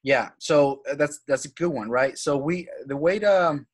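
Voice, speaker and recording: Energetic man, husky voice. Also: fairly high pitch, normal speed. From Venezuela. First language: Spanish. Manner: energetic, repeats key points, frequent "right?" and "man". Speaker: guest, real estate acquisitions manager. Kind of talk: casual interview talk.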